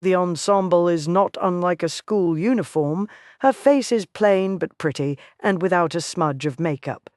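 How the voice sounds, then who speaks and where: Smooth-voiced woman narrating a thriller. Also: on the low side, a little slow, a little mellow, no echo, clean studio sound. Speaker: audiobook narrator. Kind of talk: scripted first-person narration.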